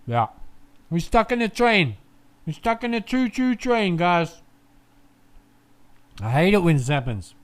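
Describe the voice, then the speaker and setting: A man calling a race live in a casual, chatty way, swearing freely as he goes. His voice sits high and sounds smooth and clean. He moves from relaxed chatter to loud, excited calls. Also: measured pace, long pauses. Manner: chatty, swears, swings from laid-back to shouting. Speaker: fan race commentator.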